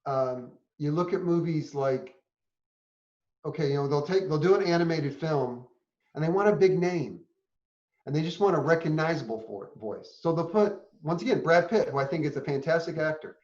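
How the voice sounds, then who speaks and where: A man's voice: on the high side, lively intonation, normal speed, a little mellow. A man co-hosting a casual podcast chat, giving blunt, self-deprecating opinions on films. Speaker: podcast co-host. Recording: echoey room, dull lo-fi sound.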